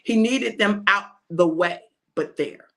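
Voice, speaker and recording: A woman preacher giving an animated, emphatic sermon and addressing listeners as "baby". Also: mid-range voice, takes it slowly.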